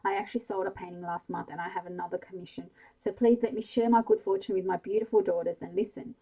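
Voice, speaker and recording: A woman's voice: medium pitch, steady tone, quick pace, dark tone, husky, poor audio. A woman voicing a coaxing, motherly middle-aged mother in a whispered bedtime story. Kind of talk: whispered role-play.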